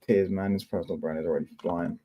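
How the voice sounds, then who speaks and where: A man's voice: low voice, fairly even intonation, quick pace, warm tone, husky, muffled recording. Slangy London man on a livestream. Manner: chatty, slangy, answers chat comments with swearing. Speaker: football livestream host. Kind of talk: casual livestream chat with viewers.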